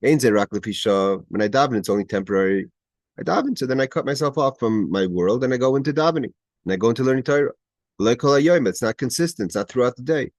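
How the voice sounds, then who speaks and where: In a dry recording, a man with a medium-pitched voice and lively intonation speaks quickly as he leads a Torah class by video call. He works line by line through a Hebrew text, explaining quotations in English, frequently restarting sentences and stressing the key points.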